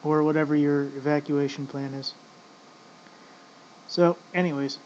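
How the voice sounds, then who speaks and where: A man's voice: a little high, steady tone, a little slow, a little mellow. Rambling profane man, lo-fi audio. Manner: profane, rambling, keeps saying "folks". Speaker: vlogger. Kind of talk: casual ranting commentary. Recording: dull lo-fi audio with faint noise.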